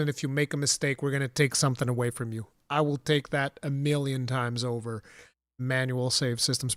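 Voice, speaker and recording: A man hosting a casual live gaming stream, excitable and profane. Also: medium pitch, no echo, studio quality. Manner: excitable, profane, says bro. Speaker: streamer host.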